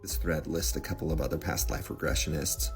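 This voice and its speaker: A man's voice: a bass voice, a little fast, soft background music. A man talking casually to his viewers in a vlog, chatty and often checking in with them. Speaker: social media creator.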